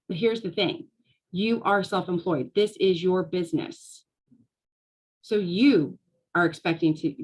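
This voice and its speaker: Casting: woman, late forties, business coach, animated storyteller, medium pitch. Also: rough recording. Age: 40s. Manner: storytelling, animated, laughs often. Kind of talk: casual talk to a live audience.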